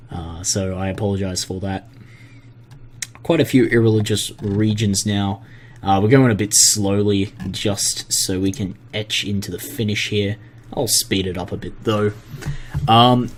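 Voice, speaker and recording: A man casually commenting on a strategy game at his computer, relaxed and self-deprecating, often stumbling over place names. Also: fairly low pitch. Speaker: gaming commentator.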